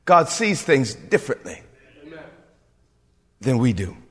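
A male pastor preaching a sermon in an animated way, repeating fillers as he speaks. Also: mid-range voice, slow pace, husky. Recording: reverberant hall.

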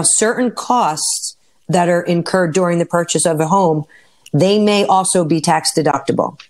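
A woman co-hosting a talk radio show and explaining mortgage rates and home buying clearly. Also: fairly low pitch, darkish tone. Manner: informative, reads out rates and phone numbers. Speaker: mortgage lender and radio co-host.

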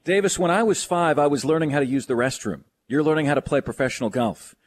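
A man's voice: fast talker, a little hiss or hum. A man hosting a sports radio show, enthusiastic and joking as he interviews a guest. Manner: enthusiastic, joking, swings pitch widely.

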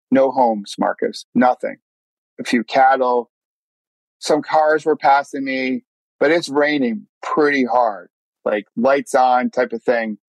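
On a dry, low-quality recording, a medium-pitched man shares a personal anecdote as a podcast guest. His casual storytelling is earnest, with frequent word restarts and his inner thoughts voiced aloud.

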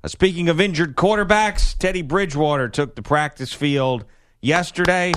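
A man's voice: a little high, moderate pace, noisy background. A man hosting sports talk radio, joking and laughing through casual banter with co-hosts.

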